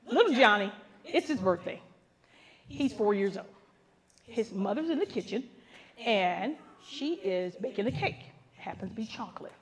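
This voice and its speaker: A woman pastor telling comic stories to a live gathering, animated and jumping into high voices for the people she quotes. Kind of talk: comic storytelling to a live audience. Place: women's gathering with a laughing audience. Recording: live event with audience laughter.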